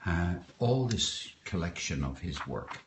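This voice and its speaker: Slow, deep-voiced man in his kitchen. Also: animated, slight background noise. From Ireland. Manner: greets viewers by name, rambling and hesitant. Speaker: host of a live poetry stream. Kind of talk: casual live-stream chat. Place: home kitchen. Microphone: phone.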